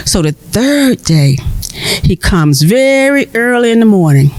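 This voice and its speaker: A woman storyteller telling a folk tale to children in a lively, expressive way. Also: medium pitch, measured pace.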